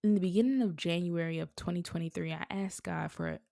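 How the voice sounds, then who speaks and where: A woman with a low, warm voice gives an earnest, faith-filled podcast monologue, encouraging listeners while close to tears. Her voice has a gravelly fry, and the recording sounds dry and close. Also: a little fast, no room sound. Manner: earnest and encouraging, speaks of prayer with feeling. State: emotional, near tears. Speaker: podcast host.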